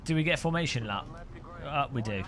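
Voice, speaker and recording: A man's voice: medium pitch, lively intonation, a little fast, a bit bright. A man streaming sim racing, chatting and joking with viewers and often laughing. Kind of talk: casual live-stream commentary while sim racing.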